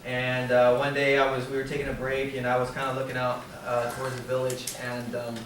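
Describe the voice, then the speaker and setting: A man's voice: mid-range voice, a little fast. Young male student presenter, rambling casual delivery, distant mic, very echoey room, faint background hum. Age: young adult. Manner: relaxed, rambling, many fillers and restarts.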